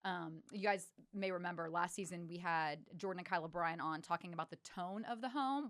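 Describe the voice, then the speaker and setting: A woman in her thirties co-hosting a church podcast, chatting casually with bubbly, quick reactions. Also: lowish voice, fairly bright tone. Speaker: podcast co-host.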